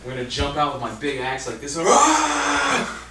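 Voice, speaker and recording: A man's voice: mid-range voice, fairly even intonation, fast talker. A man taking part as a player in a tabletop game, stating his actions plainly. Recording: roomy, distant, noisy.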